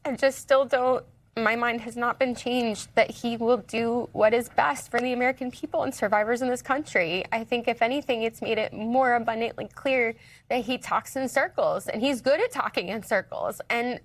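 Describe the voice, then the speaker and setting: A woman speaking as a guest in a live news interview, close to tears, talking in an earnest, halting way with many restarts. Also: fairly high pitch, no room sound. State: emotional, near tears.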